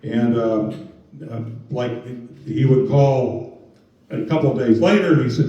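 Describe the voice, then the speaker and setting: Mellow man speaking in a roomy hall. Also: mid-range voice, unhurried. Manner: conversational, with many fillers. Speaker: presenter on scams. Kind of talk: storytelling talk to an audience. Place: museum meeting room. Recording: roomy, distant, dull sound.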